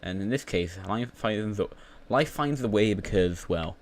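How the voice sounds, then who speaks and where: Rambling British man with a low voice. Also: animated, unhurried. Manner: rambling, full of fillers and restarts. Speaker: YouTuber. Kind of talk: casual gaming commentary.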